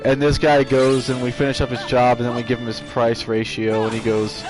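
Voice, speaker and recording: A man's voice: mid-range voice, completely flat delivery, brisk. A man streaming live, telling a story from work in a rambling, casual way with frequent restarts. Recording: game music playing behind. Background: video game music.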